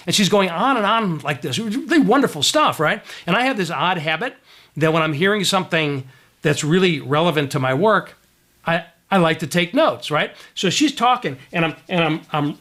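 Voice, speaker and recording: Man, leadership speaker, storytelling, lively pitch, slightly high voice, chatty asides. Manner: animated storyteller, frequent "right?" asides. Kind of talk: storytelling keynote talk.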